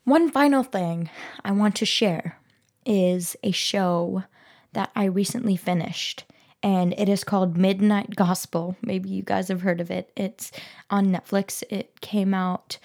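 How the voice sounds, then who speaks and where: A woman's voice: mid-range voice, steady tone, measured pace, vocal fry, a little mellow. A woman hosting a solo podcast, talking in an earnest, musing way and putting questions to the listener. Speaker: podcast host. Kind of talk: reflective solo podcast talk. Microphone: podcast microphone.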